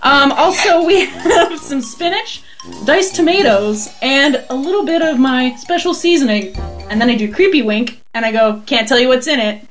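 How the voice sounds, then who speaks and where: A woman's voice: high-pitched, moderate pace, soft background music, natural voice. A woman playing a perky female TV cooking show host, with chirpy, announcer-style patter.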